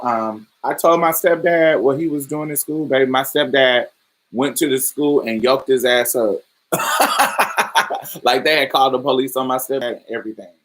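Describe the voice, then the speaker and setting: A man's voice: mid-range voice, a bit bright. A man from Indiana hosting a podcast, telling personal stories in a chatty way, laughing often and calling the listener "baby". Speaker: podcast host. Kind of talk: casual podcast storytelling.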